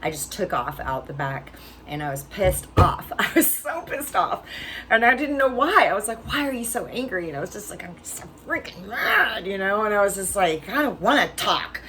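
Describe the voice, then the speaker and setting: A woman's voice: deep voice, a bit bright, slight background noise, poor audio. A middle-aged woman vlogger telling a personal story in a chatty way, often laughing and checking in with "right?".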